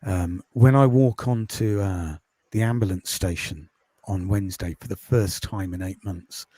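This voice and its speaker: A man from the UK speaks in a quiet, calming way, pausing often on "um". His voice sits a little low and sounds mellow and dark. The recording is dry and close, with little room sound. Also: no echo. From United Kingdom. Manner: quiet, calming voice with frequent ums. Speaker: podcast host and course creator, interview guest. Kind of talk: casual interview over a video call.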